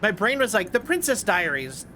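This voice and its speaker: Bright-voiced chatty male streamer. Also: sits high, big pitch swings, moderate pace, a little hiss or hum. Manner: chatty, rambling, jokey asides to chat. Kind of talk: casual gameplay commentary.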